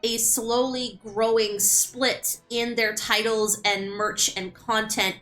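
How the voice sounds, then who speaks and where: A woman's voice: on the high side, steady tone, slow pace, a bit bright. A woman streamer chatting casually and animatedly while playing a game, often repeating words as she starts a thought. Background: game music.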